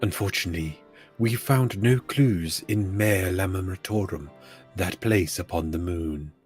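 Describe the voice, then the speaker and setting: Brief: young male streamer, lowish voice, teasing, mock-grand dialogue reads, faint game music behind. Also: measured pace. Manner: teasing, mock-solemn line reading. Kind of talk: casual gaming banter mixed with dramatic readings.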